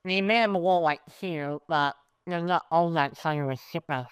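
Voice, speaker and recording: A tabletop player speaks her character's lines with a very smooth, clean voice. The sound is dry and close. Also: medium pitch, normal speed, no echo. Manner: plays her character in first person. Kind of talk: tabletop role-play.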